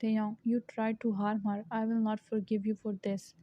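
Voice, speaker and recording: A woman voicing a ruthless young male mafia leader in a storybook reading, in a flat, even way. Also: mid-range voice, normal speed, no echo, close to an everyday voice. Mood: cold. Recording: dull lo-fi recording.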